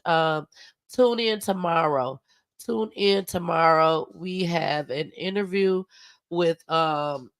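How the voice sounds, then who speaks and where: With a fairly low-pitched voice and no echo around it, a woman running a livestream grows emotional and nearly cries. She speaks casually and sincerely, thanking her viewers and calling them "y'all" and "baby."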